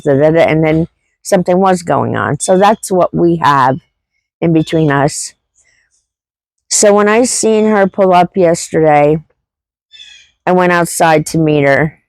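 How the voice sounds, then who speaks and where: A woman's voice: low voice, darkish tone, no echo, poor audio. A middle-aged woman vlogger telling a personal story in a rambling, heartfelt way, full of fillers and restarts. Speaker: homesteading vlogger.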